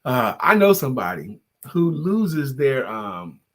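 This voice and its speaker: A man co-hosting a talk show, chatting casually and telling animated stories. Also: mid-range voice, takes it slowly. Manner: animated storyteller, acts out voices in jokes and stories. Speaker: podcast co-host. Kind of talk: casual chat with storytelling.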